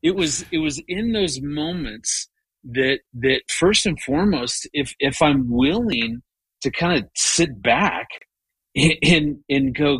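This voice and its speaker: A man's voice: on the high side, expressive, slow pace, a bit bright, breathy edge, no room sound, low-quality recording. A man in his fifties, a guest talking earnestly about marriage, restarting often as he tells a story. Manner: earnest, frequent stammered restarts. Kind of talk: conversational storytelling.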